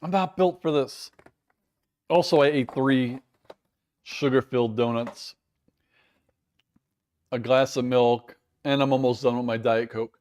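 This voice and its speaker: A man's voice: medium pitch, unhurried, pauses often, darkish tone. An American man hosting a casual live stream, chatting and rambling in a self-deprecating way while reading viewer comments, recorded indoors at home. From United States.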